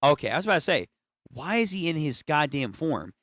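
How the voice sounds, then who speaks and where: A young man hosting a casual manga read-through, reacting out loud, swearing and tripping over names. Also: fairly high pitch, sing-song, brisk, no echo, clean studio sound. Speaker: channel host reading manga aloud.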